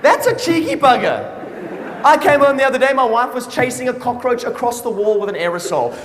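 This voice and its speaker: A man's voice: extremely high pitch, big pitch swings, a little fast, a bit bright, a little hiss or hum. A man performing a stand-up comedy routine on stage, telling stories animatedly with playful asides. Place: large hall, on stage. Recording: echoey hall, live audience laughter. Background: audience laughter.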